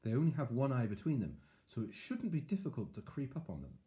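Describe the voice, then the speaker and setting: A man voicing a calm old wise man giving advice in a storybook. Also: medium pitch, a little fast. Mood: advising.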